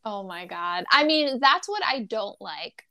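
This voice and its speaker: A woman from New York co-hosting a podcast in casual chat, who swears freely and gets riled up quickly. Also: medium pitch, expressive, pushed and bright, no room sound, studio quality. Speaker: podcast co-host.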